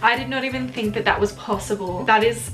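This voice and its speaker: A young woman answering questions in a casual vlog, chatty and quick to giggle, with lots of fillers. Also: fairly high pitch, fairly bright tone, soft background music. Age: young adult. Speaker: vlogger. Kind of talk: casual couple Q&A.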